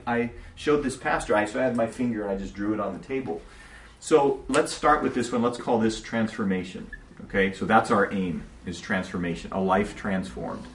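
A man pastor teaching a congregation in a relaxed, conversational sermon style, telling stories with asides to his listeners. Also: mid-range voice. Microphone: distant mic. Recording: echoey room from far off, faint noise.

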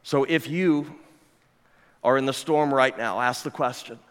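A man's voice: mid-range voice, measured pace, clean tone. Emphatic male pastor in a reverberant church. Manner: emphatic, building with repeated phrases and rhetorical questions. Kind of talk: sermon. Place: church sanctuary. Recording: long hall reverb.

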